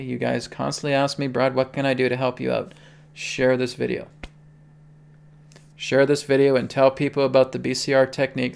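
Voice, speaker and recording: Male spiritual host with a gravelly voice, earnest and pleading on a livestream. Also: medium pitch, a little hiss or hum. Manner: earnest, pleading, keeps checking in with "okay?".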